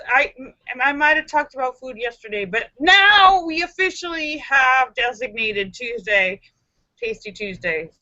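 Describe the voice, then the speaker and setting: A woman's voice: high voice, sharp tone, no room sound, highs cut off. A woman hosting a casual live stream from home, greeting viewers by name and telling a story with squeals and exclamations. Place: home in the city.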